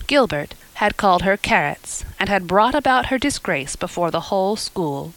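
A woman reads a classic novel aloud as an audiobook narrator. Her delivery is measured and expressive, and her voice sits at an ordinary middle pitch. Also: no echo, poor audio. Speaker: audiobook reader. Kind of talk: scripted narration.

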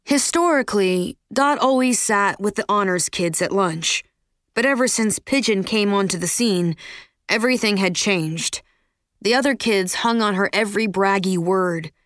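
A woman narrates a story in an even, measured voice, pitched in a middle range. The recording is close and dry, with no room sound. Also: no room sound. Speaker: audiobook narrator. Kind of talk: scripted narration.

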